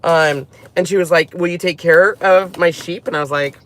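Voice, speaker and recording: A man's voice: on the high side, fairly even intonation, moderate pace, fairly bright tone, slight background noise. A man in his thirties hosting a casual live stream about his craft channel, chatty and rambling, often laughing as he talks.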